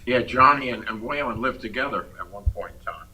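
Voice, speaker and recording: A man telling stories as an interview guest, animated and chuckling through his punchlines. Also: mid-range voice, fairly quick, far from the mic, low-quality recording. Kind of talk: casual anecdote telling.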